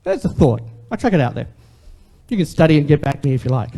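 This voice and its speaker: A man's voice: on the high side, big pitch swings, fast, vocal fry, warm tone. A man, preaching a sermon as a pastor in a conversational way and asking the congregation questions.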